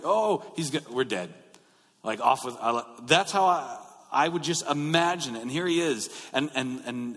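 Guy pastor giving a chatty sermon, mid-pitched voice, long hall echo. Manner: informal, repeats and restarts words, grows more animated.

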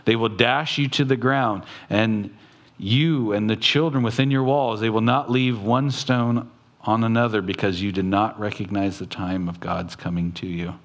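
A man preaching a sermon as a pastor, quoting scripture and talking plainly to the congregation, his voice rising at times. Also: fairly even intonation. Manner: preaching slowly, quoting scripture, with sudden rises in pitch.

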